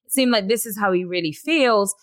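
A woman's voice: medium pitch, fairly quick, dry recording. An English woman hosting a casual celebrity news chat, reading gossip items aloud and then giving blunt opinions. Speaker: host.

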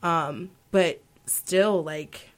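A woman's voice: lowish voice, extremely slow. A woman in her twenties, an aspiring opera singer, answering interview questions thoughtfully, with many fillers and self-corrections. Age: 20s.

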